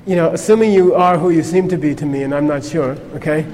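A man's voice: fairly high pitch, fast talker, a little mellow, in a large hall, a little hiss or hum. A man teaching a Buddhist class in a conversational way, checking in with his listeners with frequent "okay?". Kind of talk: informal class lecture.

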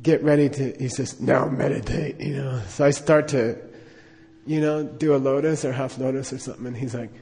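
A man's voice: mid-range voice, fairly even intonation, fairly quick, warm tone, long reverb tail. A middle-aged man telling a personal anecdote in a rambling way, with lots of fillers and chuckles. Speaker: storyteller.

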